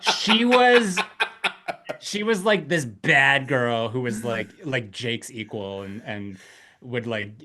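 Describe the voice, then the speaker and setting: A man's voice: mid-range voice, slow, sharp tone. Chatty man, rambling podcast co-host. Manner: rambling, searching for words, chatty. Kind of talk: casual chat.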